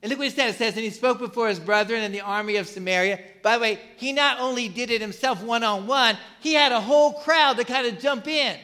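A pastor preaching in a casual, conversational style, asking the congregation questions and using plenty of fillers. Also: male voice, very high-pitched, brisk, few pauses, pushed and bright. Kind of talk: sermon.

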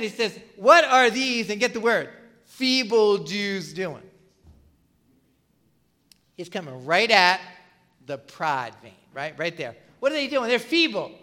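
A man preaches a sermon in a loose, talkative way and keeps asking his listeners questions. His voice sits high and sounds bright and forward. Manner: conversational preaching with rhetorical questions and fillers. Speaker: pastor.

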